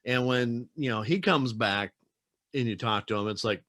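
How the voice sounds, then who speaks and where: A man's voice: mid-range voice, moderate pace, a bit bright. A man from South Dakota hosting a podcast interview, chatting in a loose, rambling way and slipping into playful voices. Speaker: podcast host. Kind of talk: casual interview chat.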